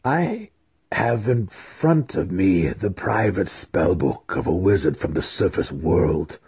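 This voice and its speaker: A bitter dark elf wizard presses every word through a tense growl, as a man voices him. The tone is low, dark and husky, recorded dry and close for a storybook reading. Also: lively intonation, slow, no room sound, exaggerated voice.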